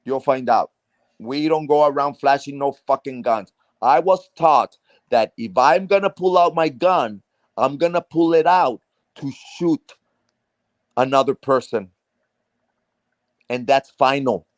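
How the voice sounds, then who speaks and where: Medium in pitch and a little slow, this man leaves long pauses, and there's no room sound. He's from South Texas, ranting heatedly but casually on a live stream with heavy profanity. He restarts phrases and hammers each point.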